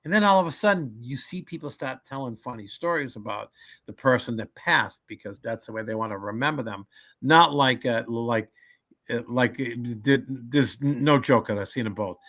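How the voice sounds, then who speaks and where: A comedian being interviewed on a podcast, his voice bright and forceful. He tells his stories with animation and slips into voices for the people he quotes. Between the stories he stumbles and restarts his sentences as he thinks. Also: mid-range voice, normal speed. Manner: animated storyteller who acts out quoted people; frequent restarts and stammers when thinking. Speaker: comedian and motivational speaker.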